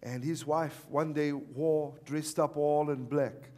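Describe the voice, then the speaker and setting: A male pastor preaching a sermon at a church service, animated and repeatedly calling on the congregation to respond. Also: a little high, takes it slowly. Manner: animated, calls for audience response.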